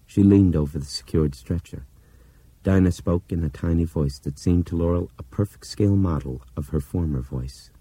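A man reading a novel aloud in steady, measured narration that drops to a hush at times. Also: deep voice, breathy edge. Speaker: audiobook narrator. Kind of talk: scripted narration.

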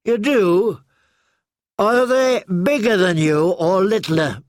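A man's voice: high voice, slow, no room sound, clean studio sound, voice pushed up. A man voicing a nosy, anxious young boy who talks eagerly and gets defensive. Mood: curious.

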